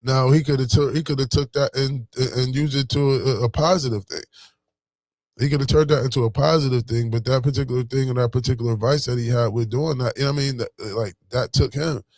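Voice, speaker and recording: A man's voice: medium pitch, fairly even intonation, a little fast, darkish tone, no echo, studio quality. A man from Buffalo with a Buffalo accent giving a casual motivational talk, slangy and full of "you know what I'm saying.". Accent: Buffalo, New York. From Buffalo, New York. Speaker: vlogger.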